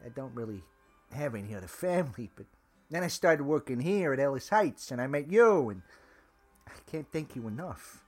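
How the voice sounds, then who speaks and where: A man's voice: medium pitch, very animated, moderate pace, faint music behind. A man voicing an earnest hotel worker who talks hesitantly and stumbles over his words.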